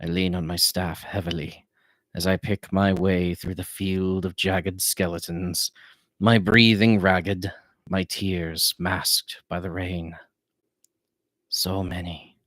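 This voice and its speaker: Man reading as a grief-worn old wizard for an audiobook: very deep, slow and heavy, dry close sound. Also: level tone, fairly bright tone, dry recording. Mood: mournful. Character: grieving old male wizard, weary and mournful. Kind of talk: audiobook narration. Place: home.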